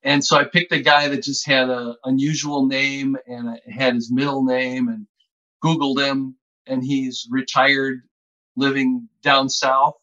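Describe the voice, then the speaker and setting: A man's voice: mid-range voice, little pitch movement, unhurried, pushed and bright. A man being interviewed as an author, telling stories casually and laughing often as he talks. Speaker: author and guest. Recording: dull lo-fi sound.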